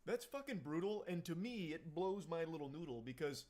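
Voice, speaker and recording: A man's voice: on the high side, big pitch swings, moderate pace, darkish tone. A man giving wry, sarcastic commentary on a video.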